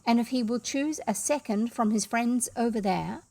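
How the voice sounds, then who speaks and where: A woman voicing a proud, courtly French gentleman with a French accent, formal and mocking, polite but deadly. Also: a little high, moderate pace, creaky, dry recording. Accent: French, as put on. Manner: elaborate bows of speech, formal and mocking.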